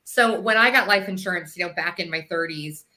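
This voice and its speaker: A middle-aged woman hosting a podcast, chatty and quick to laugh. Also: lowish voice, a crowd in the background. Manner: chatty, laughs easily, restarts often. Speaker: podcast host. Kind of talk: casual chat.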